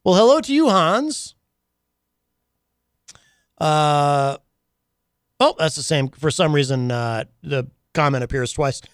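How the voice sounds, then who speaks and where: Male radio host, playful and teasing, animated. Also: a little high, slow, long pauses, dry recording, clean studio sound. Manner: playful, mock-dramatic, teasing. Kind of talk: casual radio chat. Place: radio studio.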